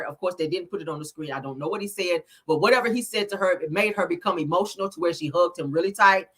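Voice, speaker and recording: A woman talks through a show episode in a casual live recap, stopping often to check in with the people watching. Her voice sits a little low but comes across bright and forceful. She tells it like a story to friends. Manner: chatty storytelling, checks in with listeners.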